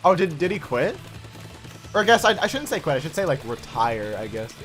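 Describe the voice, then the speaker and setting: A young man chatting casually to his viewers while playing a game, animated and chatty. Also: fairly high pitch, a little fast, faint music behind. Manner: animated, chatty, talks to chat. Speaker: game streamer. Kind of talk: casual live-stream chat while gaming.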